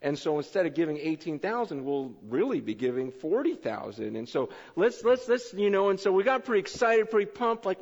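A man preaching a sermon, telling stories in an excitable way with many fillers and restarts. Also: high voice, fairly quick. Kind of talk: sermon storytelling. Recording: echoey hall, dull lo-fi sound.

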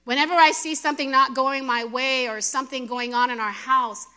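A middle-aged woman preaching a sermon, animated and emphatic, asking the audience questions. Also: high-pitched, brisk, clear, resonant tone.

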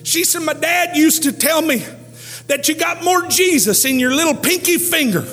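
A man pastor preaching a camp meeting sermon, shouting and half-singing his climactic lines and dropping low and quiet for stories. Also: moderate pace. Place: church camp meeting hall. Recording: large hall reverb with music behind.

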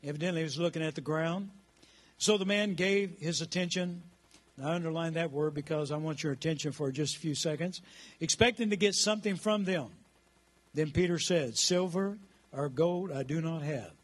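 A man's voice: on the high side, moderate pace. A man in his sixties preaching a rousing sermon in church and calling on the congregation to answer back. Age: 60s. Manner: rousing, calls the congregation to respond. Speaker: pastor.

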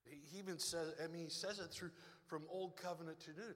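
A man preaching a sermon as a pastor, animated, sometimes dropping to a hushed whisper. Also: a little high, fairly quick. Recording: preached in a reverberant hall.

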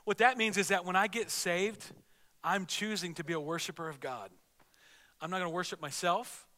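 A man's voice: high voice, steady tone, normal speed, pushed and bright, big-room sound. A man preaching a sermon as pastor, earnest and conversational, often restarting his sentences.

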